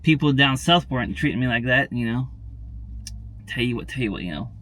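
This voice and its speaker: Speaking off the cuff to his viewers, a daily vlogger rambles in an animated, chatty way, a little fast and a bit bright. He keeps circling back with "and everything" and "tell you what," repeating little phrases at a middling pitch.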